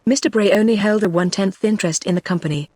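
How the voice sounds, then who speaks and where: A woman with a British English accent, read by text-to-speech, voicing a calm, quietly amused young woman in an even synthetic delivery. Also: medium pitch, fast, dry recording, natural voice.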